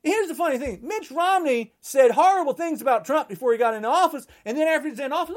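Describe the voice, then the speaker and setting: A woman delivering an angry political rant, at times shouting. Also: sits high, sing-song, fairly quick, few pauses.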